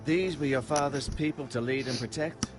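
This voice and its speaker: A man's voice: medium pitch, music in the background, natural voice. A man playing a solemn old-world advisor. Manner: measured, solemn. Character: grave male advisor counseling a young lord.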